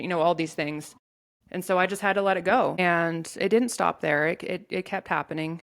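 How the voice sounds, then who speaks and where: A woman telling a painful personal story in an interview, in a halting way with many restarts. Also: deep voice, steady tone, clean tone. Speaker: guest sharing her story.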